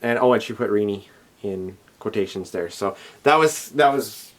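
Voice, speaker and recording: A young man from Canada rambles through a casual video diary, his speaking voice sitting a touch low. His talk is loose and chatty, full of fillers and little laughs, and his voice sounds a bit worn. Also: moderate pace. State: voice slightly worn. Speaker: convention organizer vlogging. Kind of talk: casual chat.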